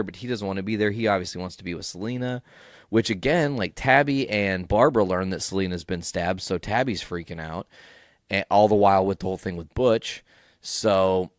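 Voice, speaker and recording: A tired man hosts a solo podcast recap with a low voice. He talks in a casual, rambling way and swears freely. The sound is dry and close. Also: no room sound. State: yawning, tired. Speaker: podcast host.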